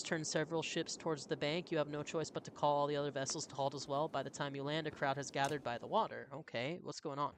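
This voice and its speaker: A man's voice: fairly high pitch, a bit bright, slight background noise. A man reading a story game aloud as a streamer, with casual, self-mocking asides.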